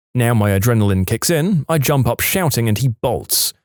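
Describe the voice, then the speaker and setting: A man with a mid-range voice narrates reader-submitted reddit stories from a script, dramatic in delivery and sprinkled with wry asides. He speaks at normal speed with few pauses, and the studio-quality recording has no room sound.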